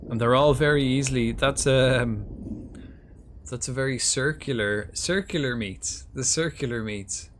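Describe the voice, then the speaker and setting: A man's voice: mid-range voice, measured pace, slight background noise. A man livestreaming a video game, chatting casually and rambling as he thinks aloud. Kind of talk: casual gameplay commentary.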